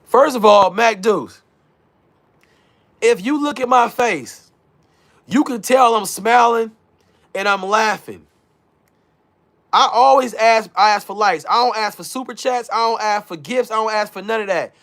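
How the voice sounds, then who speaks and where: A man's voice: sits high, moderate pace, fairly bright tone. A man hosting a casual livestream, talking loosely in slang, hyping his chat and reading their messages aloud. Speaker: livestream host.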